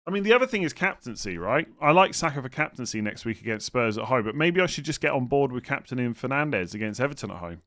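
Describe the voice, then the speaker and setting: A man's voice: mid-range voice, very animated, fast, few pauses, fairly bright tone. A man chatting casually on a live stream, thinking aloud and answering viewers' questions, often hesitant and now and then exasperated. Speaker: fantasy football streamer answering chat.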